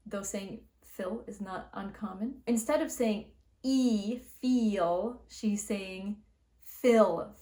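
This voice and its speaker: A young Canadian woman hosts a casual explainer video, chatty and loose with plenty of likes and ums. Her voice sits at an ordinary middle pitch. The room around her is echoey. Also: a little mellow. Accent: Canadian English. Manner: chatty, many fillers and likes. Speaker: linguistics video host.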